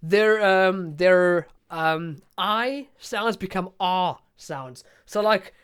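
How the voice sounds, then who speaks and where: A man from South Africa with a South African accent, hosting a casual podcast interview, chatty and quick to laugh, often repeating words as he talks. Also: high-pitched, fairly bright tone, clear, resonant tone. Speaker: podcast host.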